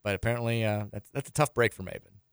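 A man's voice: on the low side, fast, a bit bright, smooth, no echo. A man hosting a sports radio show in a studio, reading out listener texts in a loose, rambling way with frequent restarts and chuckles.

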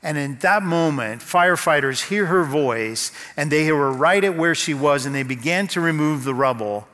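Guy preaching a sermon, slightly high voice, big echoey church hall, slow storytelling. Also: animated, a bit bright. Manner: storytelling, slow dramatic pauses. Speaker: pastor. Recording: long hall reverb.

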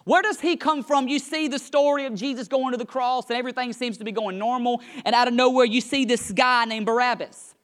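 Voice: medium pitch, fairly even intonation, a little fast, fairly bright tone, clear, resonant tone. A Bible study teacher reads a passage aloud, then walks back through it in their own words. The retelling grows livelier as the story builds. There is a light, joking touch in the asides.

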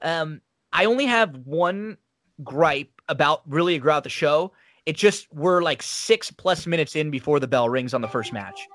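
A man's voice: fairly high pitch, lively intonation, normal speed, fairly bright tone, no echo. A man casually recapping an old wrestling show on a podcast, chatty and rambling with fillers.

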